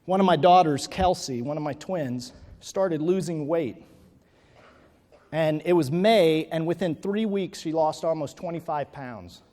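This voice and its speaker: Unhurried and warm, a man with a fairly high voice gives a motivational keynote to an audience in a reverberant hall. A personal story comes first, followed by a build toward emphatic encouragement.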